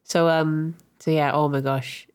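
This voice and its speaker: A woman co-hosting a casual podcast chat, playful and quick to laugh. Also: low-pitched. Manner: giggly, laughs often, animated and playful. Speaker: podcast co-host.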